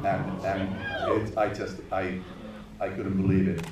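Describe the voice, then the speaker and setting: A middle-aged man from Finland, a film director telling stories at a screening Q&A, animated and laughing often. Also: low-pitched, moderate pace, a loud crowd. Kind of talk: live anecdote on stage. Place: large echoey cinema hall. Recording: distant, echoey theater recording with noise.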